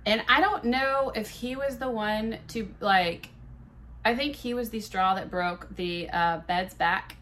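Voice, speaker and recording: A woman in her thirties, a podcast host, telling a candid, profane story in a casual, animated way. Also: medium pitch, measured pace.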